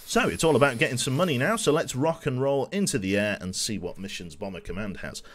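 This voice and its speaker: A man's voice: medium pitch, animated, quick pace. A man in his twenties from England with a faint Birmingham accent, giving chatty, self-mocking commentary as he plays a game on a live stream. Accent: light Birmingham. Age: 20s.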